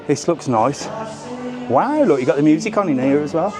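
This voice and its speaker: Out on a busy seafront, a travel vlogger walks and talks with his live audience, cracking jokes as he goes. His voice is on the high side with lively intonation and a moderate pace. Music is playing loudly nearby.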